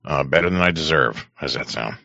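A man hosting a casual chat, speaking in a relaxed, folksy way with mild exclamations, on a muffled, lo-fi recording. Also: very deep voice, brisk, creaky, no echo. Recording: muffled, lo-fi audio.

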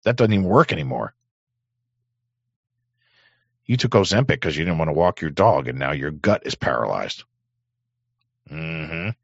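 A man hosting a talk show, rambling in crude, sarcastic casual commentary with a hoarse voice. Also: extremely low pitch, big pitch swings, normal speed, dry recording, highs cut off. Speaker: podcast host.

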